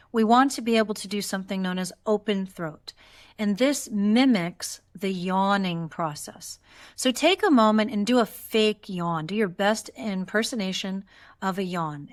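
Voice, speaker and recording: A woman voice teacher leading a guided vocal exercise, calm and encouraging, showing sighs and yawns as she talks students through each step. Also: medium pitch.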